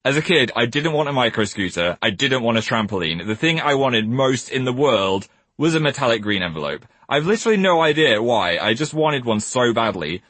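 A man's voice: mid-range voice, big pitch swings, fairly quick, a bit bright, no room sound. A man reading funny stories about himself and chatting in a playful, self-mocking way. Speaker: co-host reading his own book. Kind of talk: casual comic reading and chat.

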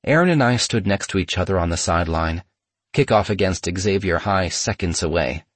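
A man narrating a memoir in a steady, measured storytelling manner. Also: deep voice, no room sound.

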